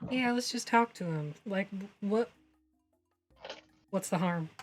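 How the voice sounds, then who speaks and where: Casual, teasing female player at a tabletop game, mid-pitched voice. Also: slow pace, faint music behind.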